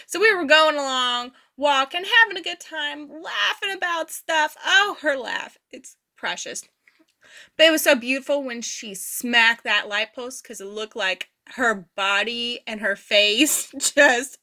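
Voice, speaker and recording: A woman voicing a signed personal anecdote as an interpreter, casual and animated, chuckling often. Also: high-pitched. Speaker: sign language voice interpreter.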